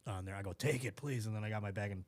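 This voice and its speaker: Animated man telling a comedy story. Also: fairly low pitch, racing, dry recording. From Buffalo, New York. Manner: animated, acts out scenes with quoted voices and laughs. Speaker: comedian guest. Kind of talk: casual podcast storytelling.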